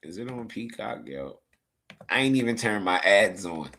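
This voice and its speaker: A man's voice: lowish voice, big pitch swings, normal speed, pushed and bright. A man with a New Jersey accent hosting a casual football watch-along stream, talking in a loose, profane way, repeating himself and laughing often, sounding tired. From Newark, New Jersey, USA. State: tired, yawning. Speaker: live stream host.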